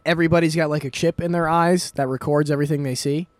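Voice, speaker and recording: Rambling man with a dry, fairly high voice. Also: fairly even intonation, fast talker, no room sound. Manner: rambling retelling full of "like" fillers and swearing. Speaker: podcast host. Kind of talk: casual chat.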